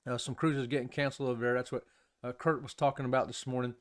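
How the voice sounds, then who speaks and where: A man's voice: mid-range voice, level tone, quick pace. A man hosting a casual live-streamed talk show, rambling, chatting with viewers and laughing often. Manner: laughs often between remarks.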